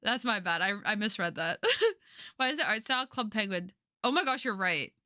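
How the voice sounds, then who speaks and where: A woman streamer chatting casually over a game, excitable and laughing often as she reacts. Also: mid-range voice, moderate pace, dry recording, studio quality. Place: home streaming setup.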